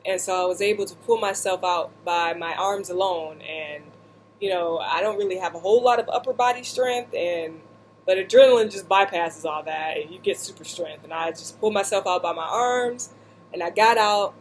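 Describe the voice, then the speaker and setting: A woman vlogger seated indoors, casually telling a story in an animated, joking way with lots of asides. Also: lowish voice, normal speed, slight background noise, rough recording.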